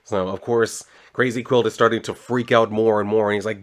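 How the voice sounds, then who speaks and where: A man's voice: lowish voice, fairly even intonation, a little fast. A man casually retelling a comic book, rambling and swearing, with lots of "he's like" and "she's like.". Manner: rambling, profane, chatty retelling with frequent "like". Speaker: comic book video host.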